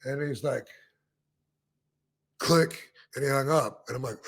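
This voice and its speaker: A man hosts a podcast and drifts through a long, casual anecdote. He wanders, restarts, and swears freely. His voice sits at an ordinary pitch for a man. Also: extremely slow, pauses often, fairly bright tone. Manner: laid-back, rambling with fillers and profanity. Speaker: podcast host. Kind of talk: casual storytelling.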